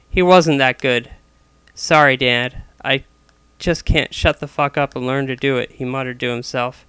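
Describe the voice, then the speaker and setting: A man narrates a story aloud, stumbling now and then and correcting himself. His voice is bright, smooth and a touch high, recorded close and dry. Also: no room sound. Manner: frequent small restarts.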